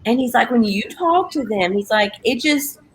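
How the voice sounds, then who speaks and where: A woman's voice: fairly high pitch, expressive, moderate pace, a little hiss or hum, poor audio. A woman from the Missouri Bootheel with a Southern US accent, hosting an upbeat, casual chat show. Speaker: talk show host.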